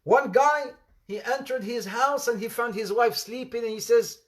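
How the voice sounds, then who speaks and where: A man giving an informal sermon, telling anecdotes in an animated way with laughter and repetition. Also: very high-pitched, moderate pace. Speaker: Islamic preacher.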